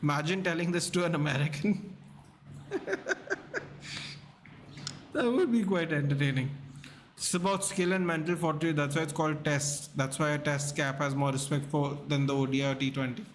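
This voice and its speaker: A man's voice: fairly high pitch, a little fast, a little hiss or hum. A man hosting a live sports watchalong, chatting casually and rambling as he reacts to the match and answers the chat, sounding tired. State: tired, yawning.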